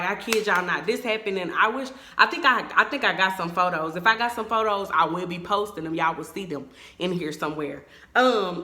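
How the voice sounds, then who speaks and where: A young woman tells her viewers a story, animated and emphatic. Her voice is bright and forceful, and it bounces around an echoey room. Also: lowish voice. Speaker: vlogger. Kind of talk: storytime vlog.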